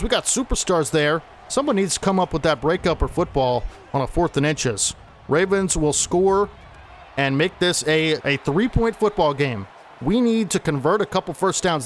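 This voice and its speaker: A man commentating his own football video game play-by-play, excitable and talking straight to viewers. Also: a little high, slight background noise. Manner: excitable, talks to viewers as folks. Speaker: gaming commentator.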